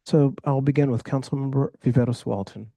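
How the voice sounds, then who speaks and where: A man, the mayor, chairing a council meeting in a slow, procedural way. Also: medium pitch, steady tone, creaky, mellow, no room sound.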